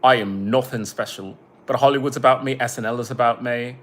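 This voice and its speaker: A man's voice: medium pitch, fairly even intonation, brisk, a bit bright. A man who makes his own music, chatting casually on a livestream. He rambles, swears freely and breaks off to greet viewers.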